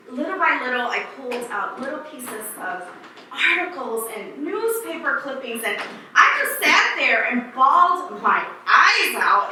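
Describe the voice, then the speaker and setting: High bright woman in an echoey hall. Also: a little hiss or hum. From Laos. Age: 30s. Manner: earnest, emotional, quotes people in her story. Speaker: author speaking at an exhibit opening. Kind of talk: unprepared personal storytelling. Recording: echoey room, voice from far off.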